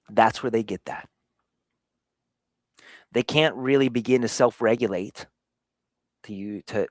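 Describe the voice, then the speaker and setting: A man hosting a show, giving an earnest motivational talk on fatherhood, swinging between hushed and emphatic delivery. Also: lowish voice, no echo. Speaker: show host.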